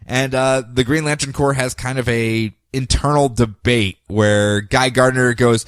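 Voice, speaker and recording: A man's voice: mid-range voice, fairly even intonation, a little slow, few pauses, clean tone, dry recording. Facetious man recapping comics. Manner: joking, facetious. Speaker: podcast host. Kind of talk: casual comic book recap.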